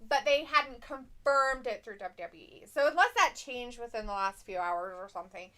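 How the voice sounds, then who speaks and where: A woman's voice: a little high, normal speed, sharp tone. A woman with a Southern accent co-hosting a casual live watch-along, reading chat comments aloud and joking. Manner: chatty, reads chat comments aloud and jokes. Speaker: co-host reading viewer chat.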